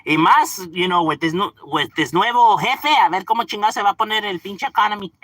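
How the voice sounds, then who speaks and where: A man chatting casually, mixing English and Spanish, animated and profane. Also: sits high, quick pace, no room sound. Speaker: livestream host. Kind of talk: casual chat.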